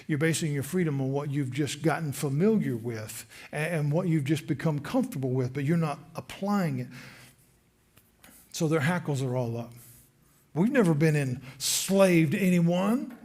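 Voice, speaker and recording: A Southern American man preaching in a church with a fairly high voice. He delivers the sermon animatedly and slips into indignant voices when quoting the crowd. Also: moderate pace, a little mellow. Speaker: pastor. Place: church sanctuary.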